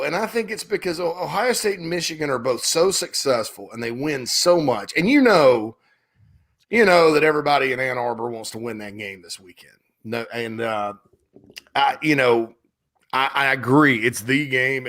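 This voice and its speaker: A middle-aged man hosting a sports talk show, telling rambling, animated stories full of restarts in a casual chat. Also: mid-range voice, moderate pace.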